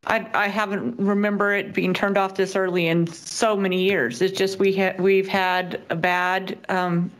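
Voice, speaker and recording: A woman's voice: medium pitch, level tone, measured pace, hardly any pauses, low-quality recording. A woman chairing a public hearing, plainspoken and procedural as she calls up speakers. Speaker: meeting chair.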